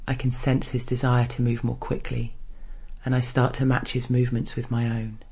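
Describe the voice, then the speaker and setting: A man reading an erotic first-person story in a hushed, measured narration. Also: medium pitch, monotone, slightly rough.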